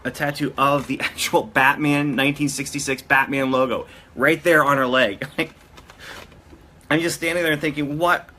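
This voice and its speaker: Bright-voiced man telling a rambling story. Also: medium pitch, fairly even intonation, moderate pace, a little hiss or hum. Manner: rambling, with frequent restarts and self-corrections. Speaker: vlogger. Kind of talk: casual storytelling.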